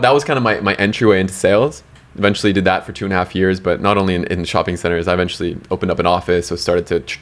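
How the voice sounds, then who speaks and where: Podcast guest, male, from Canada, low-pitched, chatty and rambling with restarts. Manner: rambling, many fillers and restarts. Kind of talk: casual storytelling interview.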